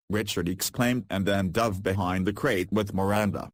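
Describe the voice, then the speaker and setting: Male story reader, deadpan and flat, low voice, dry sound. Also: normal speed, few pauses, dry recording. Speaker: reader of fan fiction. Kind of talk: reading a story aloud.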